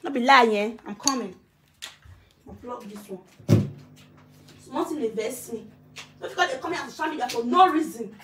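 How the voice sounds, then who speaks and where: A woman's voice: on the high side, normal speed, pauses often, a little hiss or hum. A woman with a Nigerian accent speaking straight into her phone camera on a live video, confronting someone. She talks emphatically, repeating her demands over and over and laughing now and then. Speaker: social media personality. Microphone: phone camera, face to face.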